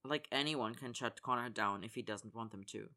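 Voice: mid-range voice, moderate pace, bright, forceful tone. A narrator reading a story aloud and voicing the characters' dialogue. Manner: acts out characters' lines in dialogue. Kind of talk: fan fiction audiobook reading.

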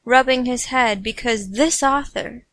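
Woman reading comic fan fiction, snarky asides, slow, bright, dry close mic. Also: a little high, no echo. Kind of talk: comic story narration.

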